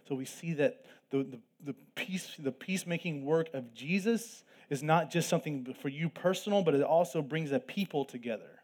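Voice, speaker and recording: A man's voice: on the high side, a little mellow. Man preaching an earnest sermon. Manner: earnest preaching with asides and quick self-deprecating jokes. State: throat tickle, coughing at times. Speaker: pastor.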